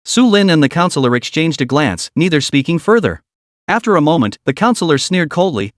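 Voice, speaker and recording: A man narrating a scripted story recap in an even, smooth storytelling delivery. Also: a little high, brisk, dry recording, clean studio sound.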